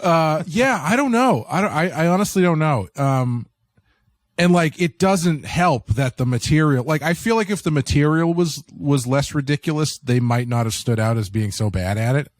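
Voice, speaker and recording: A man's voice: a little high, animated, normal speed, no echo. A man co-hosting a podcast in a rambling, casual review chat, swearing now and then. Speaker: podcast co-host.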